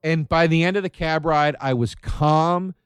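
A man from Philadelphia hosting a podcast, telling a story in an animated, casual way and swearing freely. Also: fairly high pitch, a little slow, clean tone, no echo. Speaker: podcast host. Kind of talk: casual chat.

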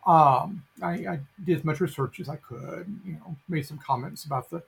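A man's voice: on the high side, normal speed, creaky, slight background noise, poor audio. A middle-aged man telling a long story as an interview guest, with a rambling, anecdotal delivery full of fillers and restarts. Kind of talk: casual storytelling.

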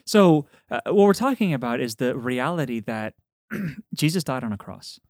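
A man co-hosts a casual talk show, joking warmly with his friends and laughing easily. When he gets to teaching, he turns earnest. His voice sits at an ordinary pitch and sounds close and dry. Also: very animated, normal speed, dry recording. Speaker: podcast co-host, priest. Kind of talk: casual chat, explaining faith.

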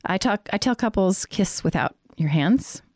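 A woman's voice: mid-range voice, lively intonation, moderate pace, darkish tone, dry recording, studio quality. A woman counselor giving earnest, direct coaching to couples in a faith-based teaching talk.

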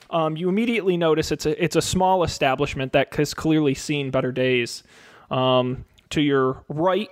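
Halting young man running a tabletop game. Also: medium pitch, smooth, no room sound, clean studio sound. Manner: halting, full of fillers and restarts. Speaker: game master.

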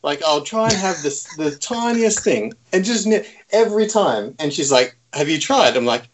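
A man's voice: high-pitched, lively intonation, moderate pace, noisy background. A man, telling a long self-mocking story in casual chat, rambling and laughing often. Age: 30s.

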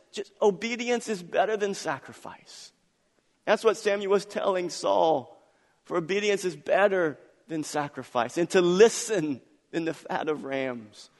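A middle-aged man preaching a sermon as pastor, animated and acting out the voices of the people in his story. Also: a little high, big-room sound.

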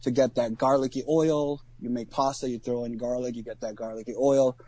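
Husky-voiced man, halting podcast chat. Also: medium pitch, fairly even intonation, mellow, dry recording. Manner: halting, many restarts and ums. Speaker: podcast co-host.

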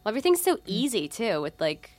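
A woman in casual chat, animated and joking, laughing often as she talks. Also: on the high side, a little fast, no room sound.

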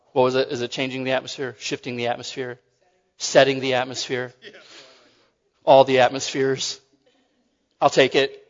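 Joking preacher in a reverberant hall. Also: male voice, medium pitch, a bit bright, highs cut off. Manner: conversational, joking, repeats and restarts phrases. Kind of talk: sermon.

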